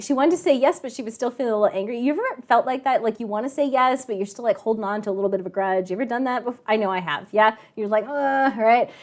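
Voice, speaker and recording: A woman's voice: high voice, a little mellow. A woman teaching a live online math class, chatty and telling a story, often asking the kids questions.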